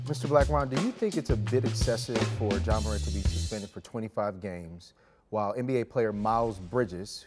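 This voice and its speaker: Low-voiced man asking pointed questions. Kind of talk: improvised comic courtroom questioning.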